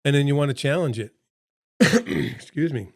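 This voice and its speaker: A man's voice: fairly high pitch, expressive, unhurried, creaky. A middle-aged man presenting a seminar in a casual, pep-talk way, repeating his points for emphasis, his throat a bit froggy.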